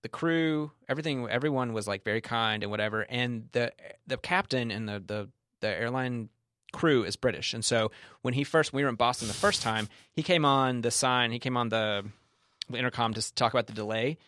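In a casual chat, a male guest with a medium-pitched, slightly bright voice tells the story of a chaotic trip, talking a little fast. He rambles, keeps breaking off and restarting sentences, and laughs along. The recording is dry and close, with no echo.

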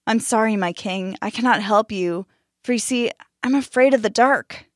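A woman's voice: on the high side, normal speed, no room sound, studio quality, natural voice. A woman voicing a timid male tui bird in a storybook, speaking nervously and apologetically. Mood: apologetic.

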